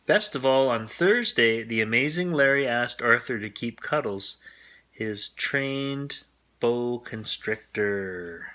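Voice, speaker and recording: Bright-voiced man reading a bedtime story. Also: medium pitch, takes it slowly. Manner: gentle, friendly reading. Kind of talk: bedtime story read-aloud.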